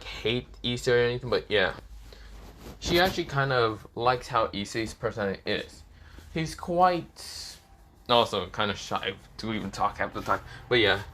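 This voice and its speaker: A man's voice: on the low side, fairly bright tone, slight background noise. A man narrating a fan story off the cuff, rambling with many fillers and restarts. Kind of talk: improvised casual story narration.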